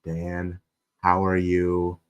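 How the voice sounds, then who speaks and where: A man's voice: low-pitched, monotone, drawn-out words, clean tone, highs cut off. A man hosting a casual live-stream sports chat, playful and joking, laughing often. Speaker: podcast host.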